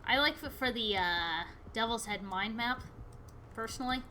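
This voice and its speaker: Brief: animated woman, higher bright voice, casual let's-play commentary. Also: normal speed, slight background noise. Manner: chatty, excitable, yelps at the game. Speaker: gaming video host.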